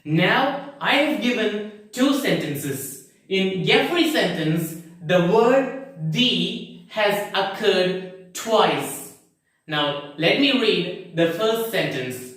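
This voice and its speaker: A man gives an English pronunciation lesson in a slow, careful way, repeating each example and asking if the class has understood. His voice sits fairly high. It is recorded from some distance in a strongly echoing room. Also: animated. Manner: slow, deliberate, repeats words and asks checking questions. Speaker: English teacher. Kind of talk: explaining pronunciation rules.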